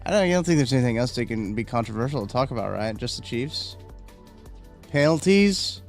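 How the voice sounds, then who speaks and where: A man's voice: medium pitch, expressive, fairly quick, faint music behind. Chatty man hosting a casual live stream. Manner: rambling, chatty, reacts to chat, yawning. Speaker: livestream host. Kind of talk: casual live chat reading comments.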